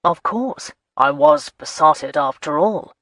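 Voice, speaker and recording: A woman's voice: sits low, expressive, takes it slowly, fairly bright tone, no room sound, exaggerated voice. A woman voicing an aloof, guarded marquis with clipped, dry speech in an audiobook. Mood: teasing. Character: brooding aloof male marquis, teasing, guarded.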